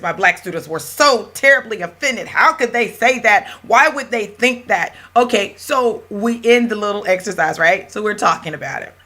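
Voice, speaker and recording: A woman professor lectures in a bright, forceful voice, leaning on her words and telling a classroom story with lively emphasis. She talks to the room in a loose, conversational way and leaves room for the class to answer. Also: medium pitch.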